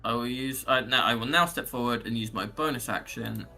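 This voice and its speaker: Player, male, bright tense voice, chatty, works out rules aloud. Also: mid-range voice, brisk, vocal fry, soft background music. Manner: chatty, thinks out loud about rules. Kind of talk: casual tabletop play.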